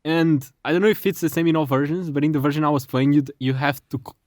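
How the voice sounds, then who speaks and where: A man's voice: fairly high pitch, fairly even intonation, fast, darkish tone, no room sound, studio quality. A man co-hosting a casual podcast, explaining his view with hesitant restarts and repeated words. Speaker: podcast co-host.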